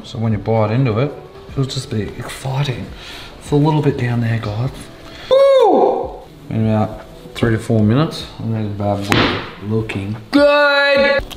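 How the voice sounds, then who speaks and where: A young man cooking in his home kitchen, talking in a casual, excitable, sweary way. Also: fairly low pitch. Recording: echoey kitchen with music behind.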